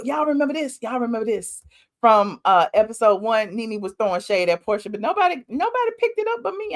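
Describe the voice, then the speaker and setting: A woman's voice: medium pitch, a bit bright. A woman hosting a live-stream commentary show, talking in a sassy, emphatic way straight to her viewers.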